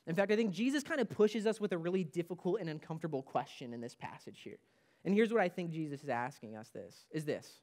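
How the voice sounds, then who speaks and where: A man's voice: a little high, lively intonation, fast talker, darkish tone. A man preaching a sermon as pastor of a church, emphatic and repeating his key points.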